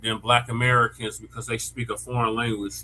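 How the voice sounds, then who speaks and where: A man's voice: medium pitch, flat delivery, brisk, sharp tone, slight background noise, low-quality recording. A man on a panel podcast, blunt, giving short agreements and correcting others. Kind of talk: casual panel discussion.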